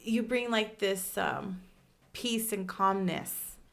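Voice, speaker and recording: Woman, podcast co-host, gravelly fry, soft and affectionate, laughs easily. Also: mid-range voice, takes it slowly. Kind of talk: casual chat.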